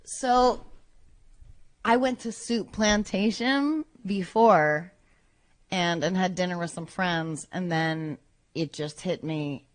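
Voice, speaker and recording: Animated woman telling a story. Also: on the low side, slow pace. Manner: animated, acts out quoted lines. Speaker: podcast guest. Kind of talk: casual storytelling.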